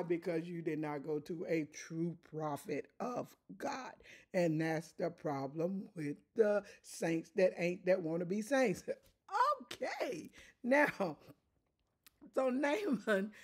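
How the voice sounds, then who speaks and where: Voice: medium pitch, darkish tone. A Bible teacher giving informal, conversational teaching who chuckles often and repeats phrases for emphasis.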